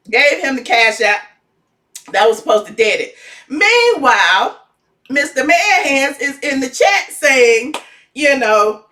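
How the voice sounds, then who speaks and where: A woman giving sassy, dramatic gossip commentary in a vlog, her voice swooping into high shouts. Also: sing-song, slow, far from the mic. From Atlanta, USA. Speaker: gossip vlogger.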